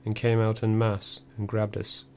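A man reading a first-person memoir audiobook in a measured, dry storytelling manner. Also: lowish voice, monotone, darkish tone. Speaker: audiobook narrator.

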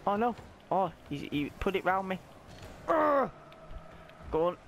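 Excitable young man shouting over gameplay. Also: unhurried, noisy background. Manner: excitable, shouts and squeals at plays; voice cracks high when excited. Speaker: gaming YouTuber. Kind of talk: live gameplay commentary.

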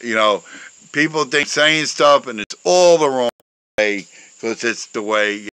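A man with a bright, forceful voice rambles through casual commentary outdoors. He talks loud and outspoken, with frequent chuckles. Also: medium pitch, measured pace, smooth, no room sound, low-quality recording. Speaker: show host showing memes and pictures. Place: outdoors in a breeze.

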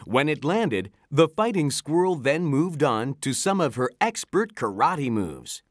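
A storybook narrator reads aloud in an animated, lively way, her delivery rising and falling at a measured pace with medium pitch. The sound is close and dry, with no echo or room around it.

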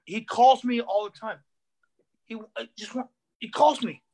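A male stand-up comedian telling animated stories on a video call, repeating himself and acting out voices. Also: very high-pitched, measured pace. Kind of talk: comedic storytelling on a live online show.

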